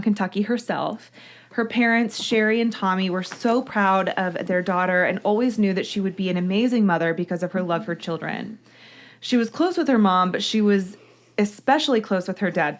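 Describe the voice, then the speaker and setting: A woman hosting a podcast, chatting casually and then narrating a true-crime case in a gushing, talkative way. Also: medium pitch. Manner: chatty, gushing, reads listener mail aloud. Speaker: podcast host.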